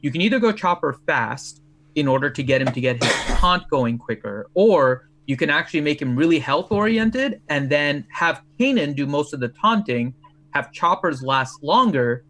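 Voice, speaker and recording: A man's voice: a little high, lively intonation, moderate pace, fairly bright tone, slight background noise. A man on a casual gaming stream, explaining strategy step by step. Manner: explanatory, talks through strategy.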